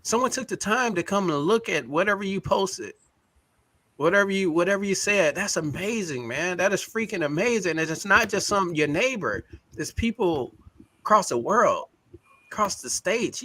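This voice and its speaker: A man co-hosts a live web talk show, talking in a loose, rambling, heartfelt way. His voice is bright and forceful, and the sound is dry and close. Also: high-pitched, animated, moderate pace, dry recording. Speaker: co-host. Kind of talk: casual chat.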